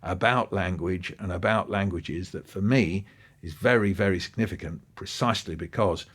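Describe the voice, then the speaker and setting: A man, a guest in a podcast interview, telling stories in an animated way with his pitch swinging up and down. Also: normal speed, husky.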